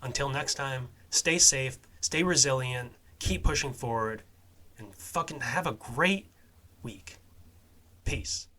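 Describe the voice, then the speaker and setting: A man hosting a true-crime and survival podcast, talking casually with swearing and fillers, his voice dropping quietly at phrase ends. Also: mid-range voice, takes it slowly, noisy background. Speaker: podcast host.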